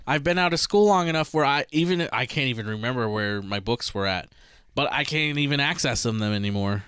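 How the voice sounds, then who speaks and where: A young man co-hosting a podcast in casual chat, relaxed and rambling, laughing easily. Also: mid-range voice, fairly quick, smooth, no room sound, studio quality. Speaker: podcast co-host.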